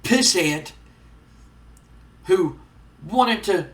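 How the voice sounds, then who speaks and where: A man's voice: high-pitched, expressive, drawn-out words, a bit bright, recorded from a distance, heavily acted. A man voicing an arrogant male pro wrestler who cuts a contemptuous, insulting promo. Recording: roomy, off-mic.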